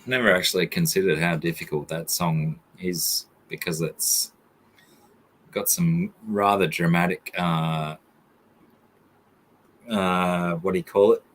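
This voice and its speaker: A man's voice: low voice, fairly even intonation, takes it slowly, pauses often, slight background noise. A man chatting casually and joking about himself between songs, with guitar music behind him. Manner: joking, self-deprecating, rambling. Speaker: guest singer.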